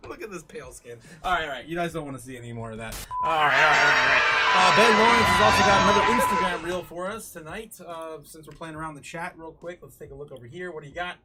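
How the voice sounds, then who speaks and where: A man hosts a casual livestream, chatting loosely and laughing often. He stumbles through restarts and fillers in a bright, tense voice that sits slightly high. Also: expressive, fast, a little hiss or hum. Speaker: crypto livestream host.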